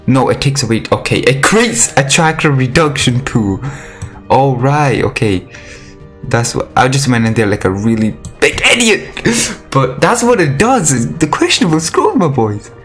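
A man giving live commentary on a mobile game, excitable and chatty with his viewers, breaking into squealing outbursts. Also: mid-range voice. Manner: pleading and chatty toward viewers.

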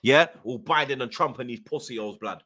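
A man rants through a live fan watchalong stream, his voice forceful and tense. He swears hard, repeats taunts and keeps firing back "yeah?" at the chat. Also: medium pitch, brisk, breathy edge. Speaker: streamer hosting a football watchalong.

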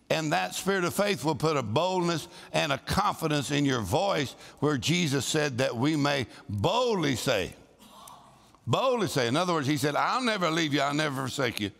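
A man preaching a lively sermon to a congregation, calling for responses and shouting scripture. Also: on the high side, gravelly. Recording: live sermon in a large hall with long reverb.

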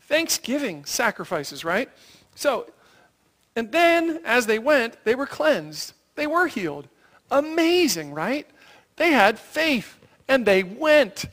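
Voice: sing-song, slow, fairly bright tone. A preacher delivering a sermon, telling the story vividly, asking the congregation rhetorical questions and often tagging lines with "right?". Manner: acts out quoted voices in a raised pitch.

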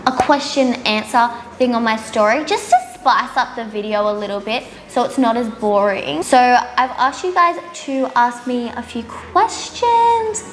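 A tired young woman chatting casually through a hair tutorial in a salon, rambling and poking fun at herself. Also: on the high side. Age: young adult. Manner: chatty, self-mocking, giggly, rambling. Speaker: beauty vlogger. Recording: roomy salon with music underneath.

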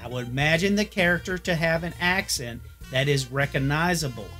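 A man's voice: fairly high pitch, a little fast, bright, forceful tone, faint music behind. A man narrating an opinionated film review in a blunt manner.

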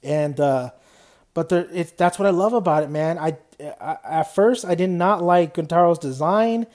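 A man's voice: a little high, moderate pace, a little mellow. Rambling male anime reviewer. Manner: rambling, loose, with frequent "man" and "you know". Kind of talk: casual unscripted review.

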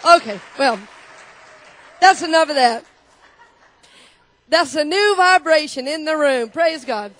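A woman's voice: sits high, lively intonation, slow, pauses often, fairly bright tone, a faint crowd, a little hiss or hum. A middle-aged woman minister preaching a sermon in a church. She talks in a personal, conversational way and leads the congregation in call-and-response. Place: church sanctuary.

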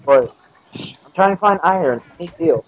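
A man with a husky voice chatting while he plays a game with a friend, answering in short, quick reactions. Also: fairly high pitch, animated, muffled recording. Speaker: gamer playing with a friend. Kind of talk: casual chat while playing.

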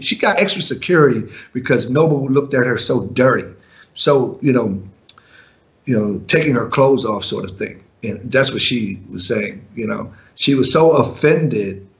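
A man who once managed a music group, giving an interview and telling his side with indignant, animated storytelling full of fillers and restarts. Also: medium pitch, normal speed. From living in Europe.

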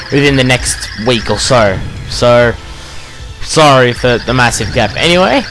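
A young man, commentating a video game playthrough, crude and swearing, yelling at the game. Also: medium pitch. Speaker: let's play gamer.

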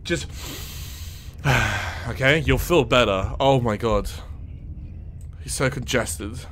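A man's voice: medium pitch, a little slow, a bit bright, a little hiss or hum. A man streaming a horror game, reacting with swearing and frequent laughter. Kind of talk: live game commentary.

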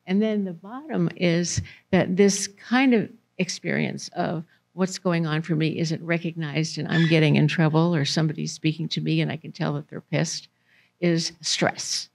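A woman's voice: sits low, fairly even intonation, moderate pace, vocal fry. A woman giving a conversational presentation to parents in a library meeting room, putting questions to the audience.

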